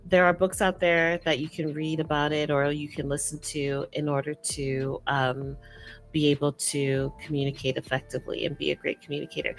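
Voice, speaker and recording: A podcast host talks casually on her own in a livestreamed episode, animated and emphatic, often repeating her words. Her voice is low and moderately paced, with soft music playing in the background.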